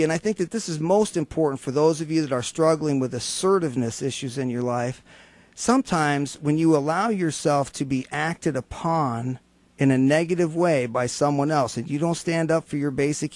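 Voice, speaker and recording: A man's voice: on the high side, a little mellow, dry recording. A man hosting a motivational radio talk show, telling everyday stories and acting out the people in them for laughs. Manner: storytelling, acts out quoted voices for humor. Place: radio studio.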